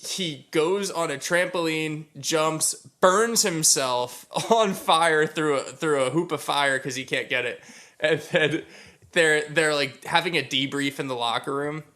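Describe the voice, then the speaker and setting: A man co-hosting a podcast in casual chat, excitable and laughing often while he quotes movie lines. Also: fairly high pitch, measured pace. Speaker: podcast co-host.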